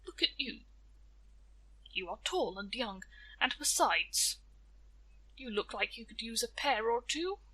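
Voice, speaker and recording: A woman's voice: fairly high pitch, lively intonation, takes it slowly, long pauses, sharp tone, breathy edge, heavily acted, rough recording. A woman voicing Tia Miseria, a shrewd little old woman who coaxes and sweet-talks in a folktale podcast. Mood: coaxing.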